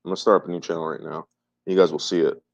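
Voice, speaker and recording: A man's voice: low-pitched, flat delivery, racing, gravelly. A man chatting on a livestream, repeating his phrases emphatically and swearing freely. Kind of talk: casual livestream chat. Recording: muffled lo-fi livestream audio.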